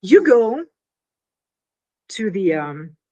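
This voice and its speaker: A woman talks through her invention in a loose, conversational interview. Her voice is a bit husky and swings widely in pitch as she piles on fillers and acts out quick scenes to make her point. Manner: animated, full of fillers, acts out little scenes. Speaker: inventor explaining her product. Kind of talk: casual explanatory interview talk.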